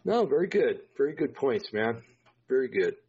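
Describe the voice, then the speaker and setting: A man's voice: mid-range voice, sing-song, normal speed, darkish tone, slight background noise. Tired podcast host man, affirming. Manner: affirming, loose and filler-heavy. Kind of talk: casual podcast sign-off. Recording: dull lo-fi podcast audio.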